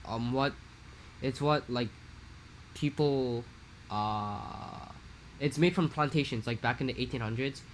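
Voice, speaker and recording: A young man from Hawaii, telling a rambling, animated story in a casual podcast chat. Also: medium pitch, a little slow, pauses often, slight background noise. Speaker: podcast co-host.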